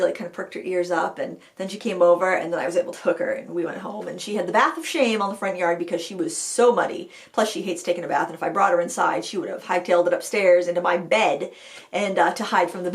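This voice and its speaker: A woman hosting a casual live chat, telling rambling stories full of fillers and restarts. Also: mid-range voice. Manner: chatty storytelling with many fillers and restarts. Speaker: host of an art channel live chat.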